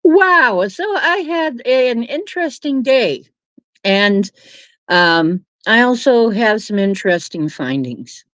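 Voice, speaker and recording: A woman's voice: medium pitch, expressive, slow pace, no room sound, muffled recording. A woman hosting a live stream, chatting casually with viewers and giggling often. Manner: giggly, laughs often while reading chat.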